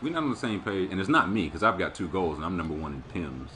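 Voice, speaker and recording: Over the crowd noise and commentary of a hockey video game, a man streams his play, talking casually, animatedly, and with free profanity. His deep voice is bright and forceful, swinging widely in pitch, and he talks fast.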